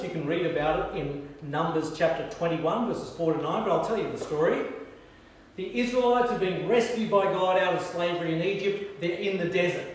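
A man preaching a sermon, telling stories with lively humor and dropping to soft, hushed emphasis. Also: sits high, slight background noise. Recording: echoey hall, distant mic.

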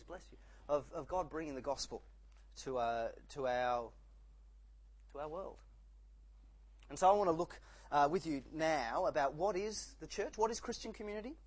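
A man's voice: fairly high pitch, husky. A middle-aged man giving a sermon, conversational, with many restarts and jokes. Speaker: preacher.

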